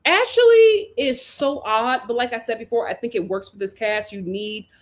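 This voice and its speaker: Fairly high-pitched with lively intonation, this woman speaks at normal speed as host of a laid-back reality TV recap. Opinionated and chatty, she laughs a lot as she talks and leans heavily on "like" and "you know."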